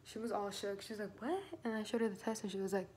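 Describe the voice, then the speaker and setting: A woman's voice: mid-range voice, little pitch movement, very fast, a little mellow, a little hiss or hum. A young woman vlogger telling a personal story in a chatty, slangy way, full of asides and "like". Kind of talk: casual storytelling.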